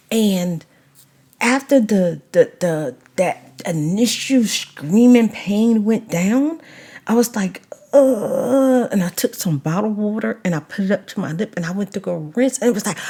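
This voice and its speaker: A woman vlogger and mother, telling a story in a casual, animated way and stretching words for emphasis. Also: medium pitch, slightly rough. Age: adult, mother of a child. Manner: animated retelling, drawn-out emphasis.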